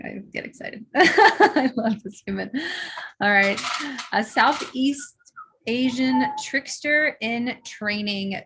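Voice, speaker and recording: Female host for a video call, eager, lots of ums, gravelly and a little husky. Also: mid-range voice, fairly bright tone. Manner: enthusiastic, many fillers. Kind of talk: live online event hosting.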